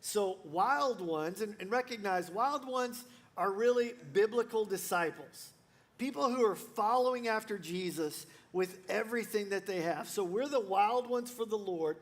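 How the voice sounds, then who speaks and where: A man's voice: high-pitched, a little slow. A male pastor preaching a sermon in a casual, joking way, full of fillers and restarts.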